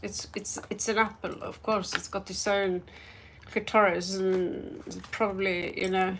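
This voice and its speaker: A woman's voice: medium pitch, level tone, measured pace, fairly bright tone, far from the mic, slight background noise. A woman hosting a live tarot stream from a cluttered room at home, chatting in a rambling, distracted way, often swearing and laughing, picked up by a phone on a tripod.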